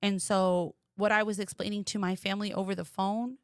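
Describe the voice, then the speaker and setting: A woman from the United States telling a personal story as a podcast guest, animated and quoting others in lively voices. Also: medium pitch, brisk, dry recording, clean studio sound.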